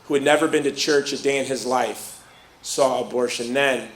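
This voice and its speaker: A man's voice: medium pitch, normal speed. Storytelling middle-aged man in a roomy hall. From Chicago. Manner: lively storyteller who acts out quoted voices. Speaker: speaker. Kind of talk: personal story told to a live audience.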